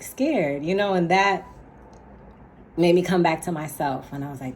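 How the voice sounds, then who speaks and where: A woman with a notably low voice tells a story in a loose, chatty way. She leans hard on her words and drops slangy asides. Faint background noise sits under her voice. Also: unhurried, long pauses. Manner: animated, emphatic retelling with laughs and slang asides. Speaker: storyteller vlogger. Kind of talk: casual storytime.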